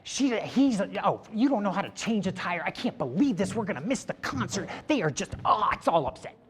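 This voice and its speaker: A man giving a live motivational talk to an audience, animated and interactive, slowing down to stress key points. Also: on the high side. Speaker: motivational speaker. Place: event room before a live audience.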